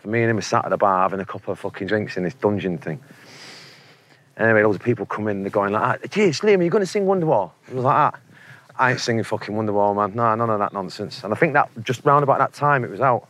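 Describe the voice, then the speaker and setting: A man's voice: lowish voice, fast talker, a bit bright. A Manchester man in his forties, a musician telling laddish, sweary anecdotes in a casual interview, laughing often. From England. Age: 40s.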